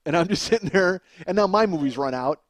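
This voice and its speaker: A male comedian hosts a solo storytelling monologue with a fairly high, very lively voice. His delivery is loose and profane, and laughter keeps breaking into his sentences. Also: fairly quick, no echo, clean studio sound. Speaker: comedian host.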